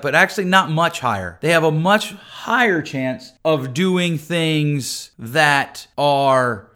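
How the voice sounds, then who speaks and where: A man's voice: fairly high pitch, a bit bright. A middle-aged man talking earnestly and conversationally as a podcast host, often restarting his sentences. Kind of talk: podcast monologue.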